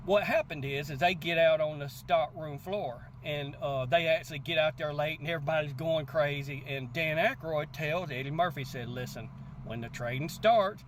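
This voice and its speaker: A man hosting a crypto channel, telling a story in casual, animated talk and often asking "guess what" before his point. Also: fairly high pitch, normal speed, hardly any pauses, a little hiss or hum. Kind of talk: casual motivational talk to camera.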